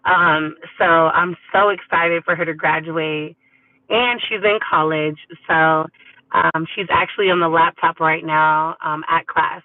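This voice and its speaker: A woman's voice: sits low, steady tone, unhurried, no room sound. A woman from California chatting upbeat and casually with her viewers as a livestream host, calling them y'all. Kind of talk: casual live chat to viewers. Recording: tinny phone-like audio, dry.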